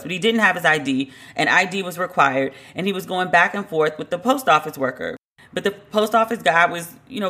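Woman podcast host, sharp bright tone, casual storytelling monologue, chatty and incredulous. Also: on the low side. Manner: chatty, lots of "like" fillers, incredulous asides.

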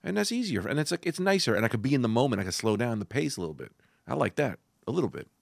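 A man hosting a podcast in casual chat, animated and joking, swearing freely. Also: medium pitch, racing, gravelly, no room sound, studio quality. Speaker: podcast host.

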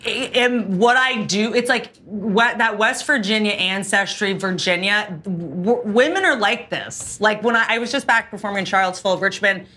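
A woman's voice: medium pitch, moderate pace, hardly any pauses, pushed and bright. A woman comedian chatting as a guest, wry and rambling. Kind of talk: casual chat.

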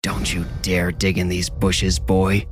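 A man voicing a raspy ancient hag. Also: low voice, level tone, slow pace, soft background music. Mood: menacing. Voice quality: gnarled rasp. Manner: menacing, cackling. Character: ancient sickly hag hiding in hedges.

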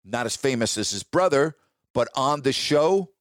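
"All right?" this radio host keeps asking his listeners as he tells a casual story, chatty and emphatic. His mid-range voice has lively intonation and a moderate pace, recorded in clean studio sound without echo.

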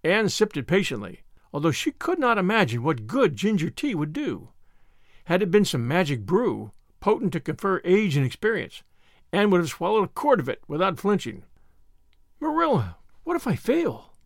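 A man reading a classic novel aloud as narrator, measured and expressive. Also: high-pitched, no echo, clean studio sound.

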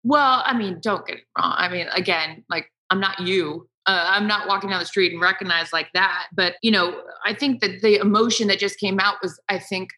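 Woman guest, bright tone, candid, self-deprecating, emotional. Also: mid-range voice, normal speed, hardly any pauses, rough recording. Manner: emotional, self-deprecating, talks through tears. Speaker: guest, sports broadcaster. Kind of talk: candid interview conversation.

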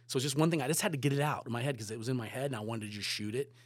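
A man, a photographer and director, telling stories in a casual podcast chat, animated and swearing freely. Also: mid-range voice, very fast.

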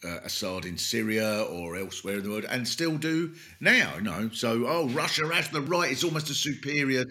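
A man's voice: medium pitch, animated, normal speed, hardly any pauses, bright, forceful tone. A man with a sardonic, teasing manner, hosting a comedy podcast. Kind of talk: comic banter.

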